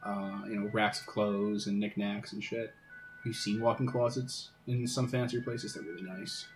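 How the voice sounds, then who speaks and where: A man's voice: on the low side, fairly even intonation, moderate pace, soft background music, rough recording. Laid-back man running a tabletop game. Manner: laid-back, casual, swears freely. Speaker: game master. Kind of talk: narrating a tabletop role-playing game.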